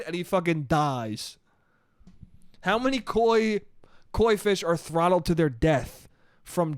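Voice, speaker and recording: A man in his late twenties holds forth alone on his comedy podcast, cursing freely and telling animated stories. His voice sits a bit high for a man. The sound is dry and close, with no room around it. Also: smooth, no echo. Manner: profane, animated storytelling with put-on voices. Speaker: podcast host. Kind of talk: solo comedic podcast monologue.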